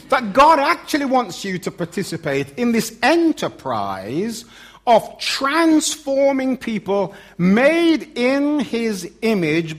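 A middle-aged man preaching a sermon, swinging from loud emphatic lines to low quiet asides.

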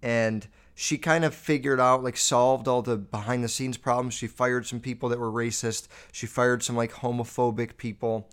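A podcast host sounds off about what annoys him. His manner is loose and animated, and he swears in nearly every sentence. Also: mid-range voice, moderate pace, few pauses, smooth. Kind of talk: casual ranting monologue.

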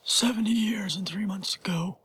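An actor playing a frail, dying old man who quietly confides that he was once a famous outlaw. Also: sits high, moderate pace, heavily acted. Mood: confiding. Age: older. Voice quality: breathy, whispery, raspy. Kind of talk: film drama dialogue.

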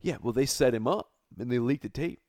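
A man's voice: medium pitch, a little fast, a little mellow, no room sound. A man co-hosting a podcast, chatting casually with a teasing, profane sense of humor. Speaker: podcast co-host. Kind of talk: casual banter.

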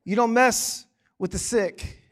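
A male pastor preaching a sermon, animated and quick to joke with the congregation. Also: very high voice. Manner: animated, joking asides to the congregation.

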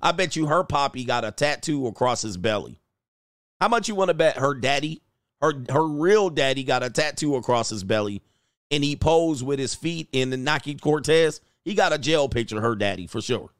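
A man hosting a livestream, reacting to clips with loud, slangy joking commentary. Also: medium pitch, animated, moderate pace, dry recording, clean studio sound.

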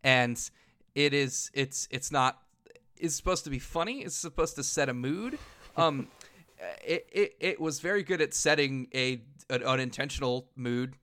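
A man in casual podcast banter, his voice bright and forward with a smooth, clean tone. He rambles through comic theories, stumbling over restarts and laughing mid-sentence. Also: mid-range voice, animated, a little slow. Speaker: podcast co-host. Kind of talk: casual comedic chat.

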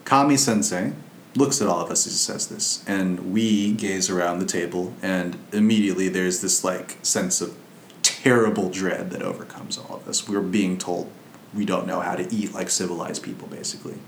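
A Buddhist monk with a lowish voice tells a story from his training in a loose, chatty Dharma talk. The sound is roomy and echoey, with a faint low rumble underneath. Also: steady tone, moderate pace. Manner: conversational, loose and anecdotal.

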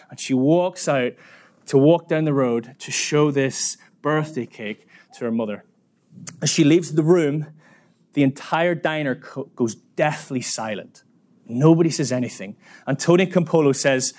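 A male preacher tells a story in a sermon with a slightly higher voice than most men. His delivery is dramatic and lively, slowing and speeding for effect. He is recorded speaking in a church.

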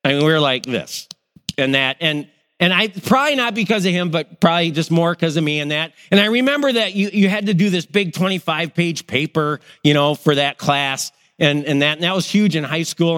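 A middle-aged man preaching a sermon, animated, acting out people's reactions as he tells stories. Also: fairly high pitch, brisk, big-room sound. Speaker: pastor.

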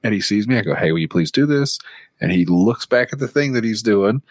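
A man in his thirties hosting a podcast, telling profane, animated stories in a casual chat, sounding a bit sick. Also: on the low side, fairly quick, dry recording. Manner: profane, animated storytelling with put-on quotes. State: sick, mouth noise. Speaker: podcast host.

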